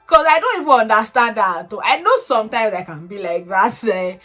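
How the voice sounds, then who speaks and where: A young woman chatting casually, recapping a reality show with animated, expressive swings into high excited tones. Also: normal speed, few pauses, faint music behind.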